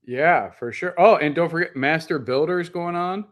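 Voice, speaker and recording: A man co-hosting a podcast in casual chat, telling a long animated story full of "like" and casual swearing. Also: fairly high pitch, normal speed. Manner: animated, rambling storyteller with lots of "like". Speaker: podcast co-host.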